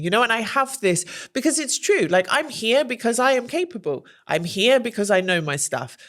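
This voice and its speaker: A woman speaking as a podcast guest, candid and animated, telling anecdotes and acting out quoted voices with gasps. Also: on the high side, normal speed, few pauses. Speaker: guest, journalist and presenter.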